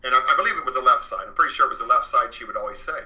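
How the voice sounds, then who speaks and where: A man's voice: mid-range voice, rapid-fire, pushed and bright, highs cut off. A man as an interview guest, earnestly telling a true paranormal story in a casual way, full of fillers. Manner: earnest and conversational, many fillers.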